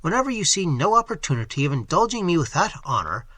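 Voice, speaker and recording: A polished young gentleman, courteous and smooth but with an edge of command, as a male reader puts him on. The voice sits a little higher than the reader's own and moves with lively, bright inflection. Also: normal speed, no echo, full character voice. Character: suave gallant young gentleman stranger.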